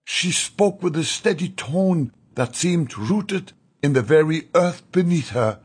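A man narrating an audiobook in a measured, solemn storytelling manner. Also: a little high, expressive, breathy edge.

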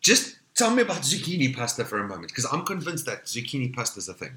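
A man's voice: mid-range voice, big pitch swings, fast talker, sharp tone. A man co-hosting a casual podcast chat, teasing and blunt with crude jokes. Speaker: podcast co-host.

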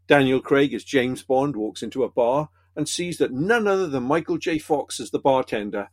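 A man's voice: medium pitch, moderate pace, no echo. A man hosting a casual film review podcast, telling dry jokes between reviews. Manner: dry joke-telling, lively delivery.

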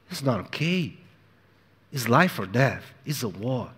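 A man preaching a sermon in an emphatic, repetitive way, moving between hushed and loud delivery. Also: fairly high pitch, lively intonation, slow pace. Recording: echoey hall with long reverb.

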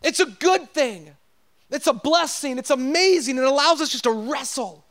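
A pastor preaching an earnest sermon, calling out to his congregation and dropping softer to stress his points. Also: very high voice, expressive, normal speed.

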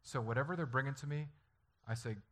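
A male pastor delivers a sermon in an earnest, conversational way. His voice sits at an ordinary middle pitch with a bright, forceful edge. He acts out little family stories to make his points. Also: fast.

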